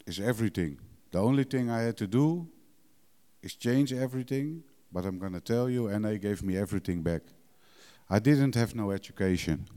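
Blunt middle-aged man, warm low voice, reverberant. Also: clear, resonant tone. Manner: blunt, emotional, swears freely, broken English phrasing. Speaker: recovering addict sharing his story. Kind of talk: candid personal testimony. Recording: long hall reverb.

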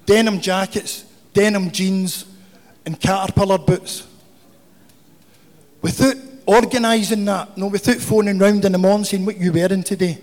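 A man shares his recovery story, blunt, swearing and funny. His voice sits high for a man. The long reverb of a meeting hall trails every line. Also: steady tone, normal speed, a little mellow. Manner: swearing, humorous, confessional. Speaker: recovery speaker.

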